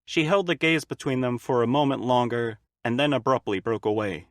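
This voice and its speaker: Male audiobook narrator, steady and dry. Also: medium pitch, brisk, no room sound. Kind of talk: fan audiobook reading.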